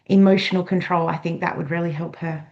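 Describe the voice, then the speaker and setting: A woman host with a somewhat low voice interviews a guest in a friendly, chatty way. Her audio is muffled and lo-fi, as over a video call. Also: fairly even intonation, fast, darkish tone. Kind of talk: casual interview conversation.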